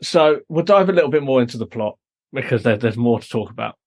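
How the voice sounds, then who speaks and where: A man's voice: mid-range voice, lively intonation, quick pace. British guy hosting a podcast, talks you through the plot, easygoing review chat. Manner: explanatory, recapping plot at length. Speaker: podcast host.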